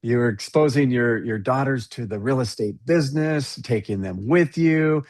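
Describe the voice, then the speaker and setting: A man's voice: medium pitch, normal speed, a little mellow. A man hosting a podcast, asking questions and reacting with enthusiastic encouragement. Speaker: podcast host. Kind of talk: casual interview conversation.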